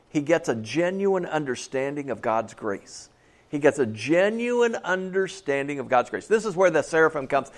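A man delivering a sermon in a chatty, conversational way, his voice sitting a little on the high side. He keeps checking in with the listeners and dips into quiet, low asides. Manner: conversational, frequent "okay?", dramatic drops to a soft low voice for asides. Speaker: preacher.

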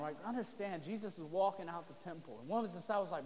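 A man's voice: high-pitched, animated, racing, hardly any pauses. A man preaching a sermon to his congregation in a casual, conversational way, with joking asides. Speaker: pastor. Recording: long reverb of a hall.

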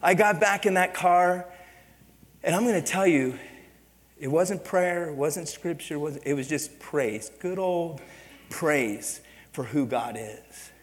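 Pastor preaching with animated storytelling in a reverberant hall. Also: male voice, on the high side, slow. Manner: animated storytelling, bursts into shouting. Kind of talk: sermon. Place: church sanctuary. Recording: long reverb of a church hall.

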